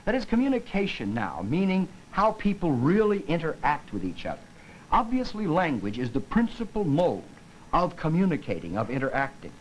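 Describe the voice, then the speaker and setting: A man lecturing in an old educational film, his voice fairly high for a man and rising and falling with animated emphasis. He acts out his examples as he goes, pushing some words loud and dropping others soft. A faint hiss sits under the voice. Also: normal speed, poor audio. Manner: demonstrative, acts out examples with voice and gestures.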